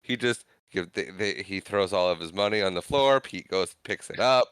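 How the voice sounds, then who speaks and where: A man's voice: deep voice, moderate pace, fairly bright tone, smooth, dry recording. Dry-toned man on a podcast. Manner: short, dry interjections and questions. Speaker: podcast co-host. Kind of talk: casual film chat.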